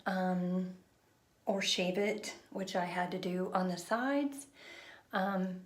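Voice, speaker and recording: A middle-aged woman vlogging at home on a handheld phone, talking in a hushed, partly whispered ramble full of fillers. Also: lowish voice, slow pace, reverberant. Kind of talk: casual chat to camera. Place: home, indoors. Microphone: handheld phone camera.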